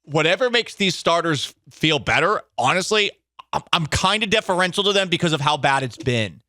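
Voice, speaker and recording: A man hosting a sports talk show, bantering in an animated, sarcastic and emphatic way into a studio microphone. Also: a little high, moderate pace, no room sound.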